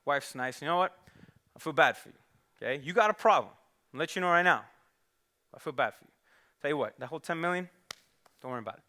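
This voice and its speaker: A tough male bookie talks in short, blunt orders, as a preacher puts him on. The voice sits lower than the speaker's own but stays bright and forceful. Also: lively intonation, fast, pauses often. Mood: gruff forgiving. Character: tough male mob bookie, menacing then softened.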